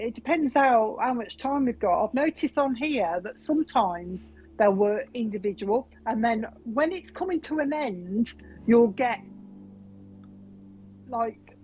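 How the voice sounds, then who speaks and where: A fairly high-voiced woman chatting in blunt, teasing banter. The recording sounds muffled and dull, with a faint hiss underneath. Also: expressive, a little slow, a little mellow. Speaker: co-host psychic. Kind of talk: casual banter. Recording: dull, slightly hissy sound.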